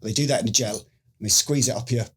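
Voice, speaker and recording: A man's voice: medium pitch, fast talker, husky. A middle-aged British man, a former special forces medic, telling a story in a casual interview and acting out what people said. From United Kingdom. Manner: animated storyteller who acts out quoted lines.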